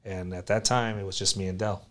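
A man from South Florida, a collectibles store owner, telling a story as a podcast guest with lively acted-out quotes. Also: low-pitched, a little fast. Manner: animated, acts out quoted voices loudly.

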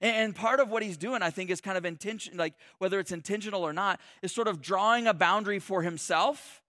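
Speaking fairly quickly, a male pastor with a high, bright, forceful voice preaches in a relaxed, joking manner, with frequent restarts and lots of "like." There's no echo, and the sound is clean studio quality.

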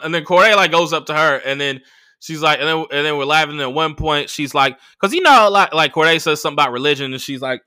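A young man hosting a podcast tells a profane, animated story as a casual monologue, acting out the voices of the people in it. His pitch is fairly high, his pace a little fast, and his tone clean.

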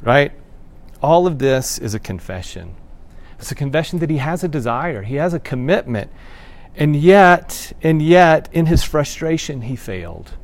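A man preaching a sermon as pastor, talking conversationally and swinging from hushed remarks to loud, emphatic points. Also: a little high, sing-song, a little slow.

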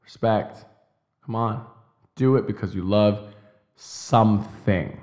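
Intense, profane motivational man, low voice. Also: a little mellow. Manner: intense, emphatic, profane, with slow stressed declarations. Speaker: podcast host. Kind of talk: motivational monologue.

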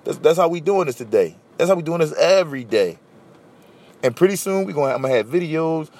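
Fairly high-pitched and a little fast, a young Philadelphia man hosts a solo podcast in his Philly accent. His storytelling is casual, blunt, profane and animated.

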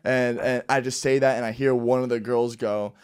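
A man telling a rambling party story in casual chat with friends, restarting his sentences and bursting into shouted quotes. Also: medium pitch, steady tone, normal speed, smooth.

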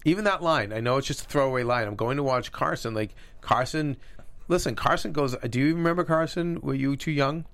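A middle-aged man co-hosting a casual TV recap show, talking in an animated, rambling way and acting out quotes from the episode. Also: a little high, brisk, dry recording. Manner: animated, rambling, with frequent restarts and acted-out quotes. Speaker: co-host.

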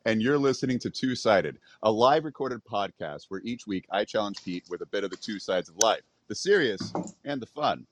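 Laid-back low-voiced podcast co-host. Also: male voice, expressive, normal speed, a little hiss or hum. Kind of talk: casual comedic chat.

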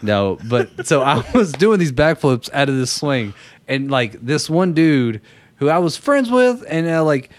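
A young man co-hosting a podcast, telling a story in a relaxed, profane way, laughing as he goes. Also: fairly high pitch, measured pace. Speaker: podcast co-host. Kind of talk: casual storytelling chat.

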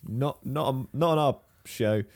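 A man co-hosting a casual tech podcast from his spare bedroom, joking and rambling in quick bursts. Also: medium pitch, a little mellow. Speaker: podcast co-host.

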